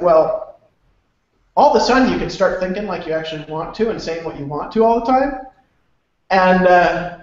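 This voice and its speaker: A man hosting an online sales talk who rambles, swears, restarts his sentences and laughs often. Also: on the high side. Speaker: host of an online sales webinar. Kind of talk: loose, rambling sales pitch. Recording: very echoey room, dull lo-fi sound.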